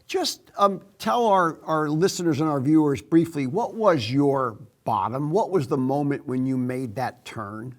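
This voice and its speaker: A man hosting a podcast interview, asking measured, encouraging questions. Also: fairly high pitch. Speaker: podcast host.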